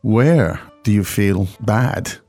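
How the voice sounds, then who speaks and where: A man hosting a language lesson podcast in a chatty, jokey way, giving quick English translations. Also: on the low side, warm tone, dry recording, soft background music. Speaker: podcast host and language teacher. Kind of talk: casual teaching chat. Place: studio in China.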